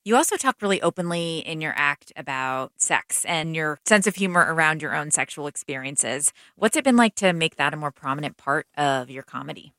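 A woman hosting an interview, asking measured, long questions. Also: deep voice, expressive, fairly bright tone, no echo. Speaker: interview host.

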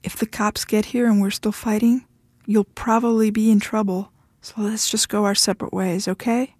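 A woman's voice: medium pitch, level tone, normal speed, a little mellow, dry recording, clean studio sound, lightly acted. Defiant woman, blunt, firm, impatient, read by a woman.

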